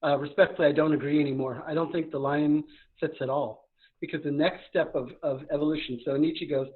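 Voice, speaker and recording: Man, rapid energetic coaching talk, slightly high voice, thin phone-like sound. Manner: fast, energetic, talks a million miles an hour. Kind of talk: live coaching conversation on a podcast. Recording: tinny phone-like remote line.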